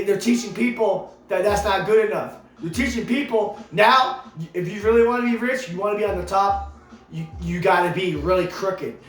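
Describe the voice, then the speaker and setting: A man's voice: high-pitched, a bit bright. A man delivering an impassioned political rant to camera, emphatic and preachy, piling up rhetorical questions and repeating himself. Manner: repeats himself, stumbles into restarts. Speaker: vlogger. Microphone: camera mic. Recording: echoey room with faint music behind.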